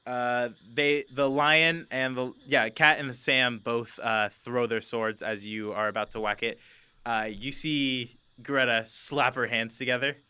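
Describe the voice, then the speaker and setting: A man acts as game master for a tabletop session, narrating scenes and calling for dice rolls. His voice is bright and forward, and he talks in a loose, chatty way, full of restarts and fillers. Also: medium pitch, steady tone, unhurried, clean tone, no room sound.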